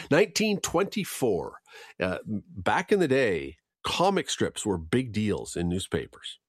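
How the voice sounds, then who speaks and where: A man's voice: on the low side, no echo. A man hosting a radio show, reading news, gas prices and the day in history in a chatty way with jokes on the side. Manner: lively, chatty, jokes aside. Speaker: radio host. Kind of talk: morning radio news and chat.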